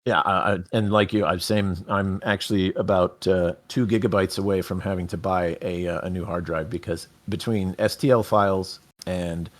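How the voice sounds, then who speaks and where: Podcast host, male, lowish voice, loose rambling delivery. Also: steady tone, moderate pace, few pauses. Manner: rambling, restarts mid-sentence. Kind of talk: casual interview chat.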